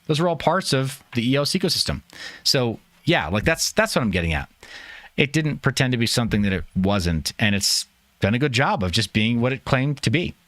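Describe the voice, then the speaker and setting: Lively, joking male livestream host. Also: mid-range voice, brisk, no room sound. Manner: joking, rambling, self-mocking. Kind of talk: casual livestream commentary.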